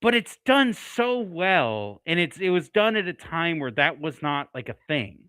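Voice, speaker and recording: A man's voice: fairly high pitch, big pitch swings, unhurried, sharp tone, clear, resonant tone, no echo. A man co-hosting a casual movie talk show, thinking aloud with many fillers. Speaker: co-host. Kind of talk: casual chat.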